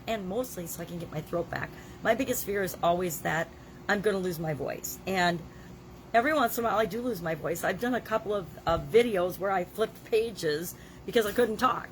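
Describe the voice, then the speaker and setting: A woman's voice: fairly low pitch, background noise. Chatty older woman with a cold. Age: 60s. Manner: chatty and emphatic, with occasional coughs. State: has a cold, scratchy throat. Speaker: vlogger. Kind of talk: casual daily video diary.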